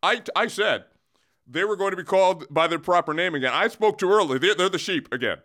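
A man's voice: high voice, brisk, a bit bright. A man hosting a comic sports segment, rambling and boastful in a mock-grandiose way, with lots of restarts. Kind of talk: comedic sports rant.

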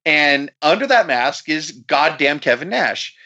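Here is a man recounting a story with lively, swinging intonation and a bright, forceful tone. He swears freely and breaks into incredulous laughter as he talks, in a loose podcast-chat style. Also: a little high, a little slow, lo-fi sound. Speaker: podcast host.

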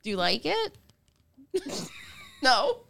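A woman joins a podcast chat, nervous and quick to laugh at herself. Her voice moves lively up and down as she jokes about her fears. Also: sits high, gravelly, slight background noise. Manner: anxious, self-deprecating, giggly.

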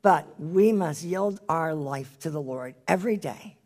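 An earnest Bible study leader teaching and praying in a live-streamed session, pleading with listeners and dropping to a hushed near-whisper at emotional moments. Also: mid-range voice, a little slow.

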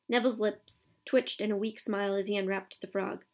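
A woman narrates a children's novel with steady storytelling. Her middle-pitched voice carries the scenes along evenly. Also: a little fast, creaky, hardly any pauses. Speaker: audiobook narrator. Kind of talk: scripted narration.

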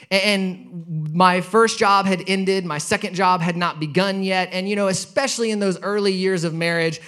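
High-voiced male pastor telling a story. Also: a bit bright. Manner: conversational storytelling, builds to emphatic preaching. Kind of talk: sermon with personal story.

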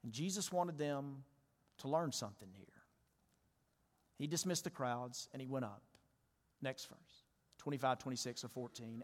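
Conversational pastor preaching in a reverberant church. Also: male voice, mid-range voice, moderate pace, pauses often. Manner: conversational, animated, asks the congregation questions. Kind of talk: sermon. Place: church sanctuary.

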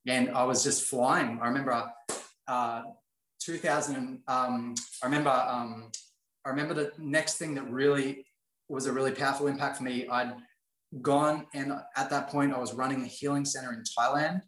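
A man's voice: medium pitch, fairly even intonation, moderate pace, fairly bright tone. A man sharing his life story in an earnest, motivational way, often repeating phrases for emphasis. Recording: roomy echo.

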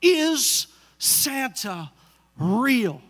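A man's voice: extremely high pitch, big pitch swings, very slow, a bit bright, exaggerated voice. A male pastor voicing his pleading five-year-old daughter asking for the truth. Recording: long hall reverb.

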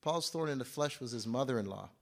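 A man preaching a live sermon to a congregation, moving from low asides to loud outbursts and often asking the audience questions. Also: animated, quick pace, vocal fry. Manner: conversational, asks the audience questions. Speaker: pastor. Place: church service.

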